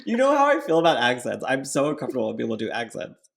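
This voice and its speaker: A woman co-hosting a casual podcast, with a gravelly edge to her voice. She throws in dry, teasing one-liners during the chat. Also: very deep voice, wildly swooping pitch, fast talker. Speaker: podcast co-host.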